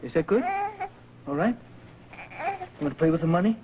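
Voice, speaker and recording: A woman's voice: deep voice, lively intonation, fairly quick. An actress in a 1980s TV soap opera, pleading and cooing at a baby while she tries to phone. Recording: old TV broadcast, muffled with hiss.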